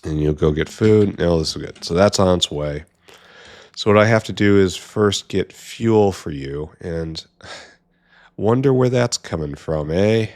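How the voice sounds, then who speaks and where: Low-voiced man muttering through gameplay. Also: unhurried, a little mellow. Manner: mutters to himself, wry asides. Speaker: gameplay streamer. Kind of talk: casual gameplay commentary.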